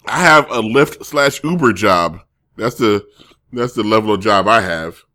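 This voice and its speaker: A man's voice: fairly low pitch, lively intonation, measured pace, sharp tone. A man streaming casually, reading viewer comments and rambling through jokes and self-corrections.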